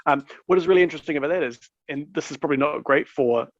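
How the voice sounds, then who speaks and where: Brief: man co-host, halting explainer, muffled lo-fi recording. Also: on the high side, crowd noise. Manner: explains facts with many ums and you-knows. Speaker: podcast co-host. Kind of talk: casual group chat. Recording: dull lo-fi mic.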